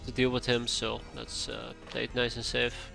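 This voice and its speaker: A man streaming a strategy game live, chatting casually to himself as he plays, with quick asides. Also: medium pitch, completely flat delivery, gravelly, bright, forceful tone. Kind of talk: casual live gameplay commentary. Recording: faint game music behind.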